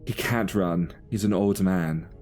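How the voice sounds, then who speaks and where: A brisk, commanding female elf, voiced by a man. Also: sits low, darkish tone, soft background music. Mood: urgent. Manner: brisk and authoritative.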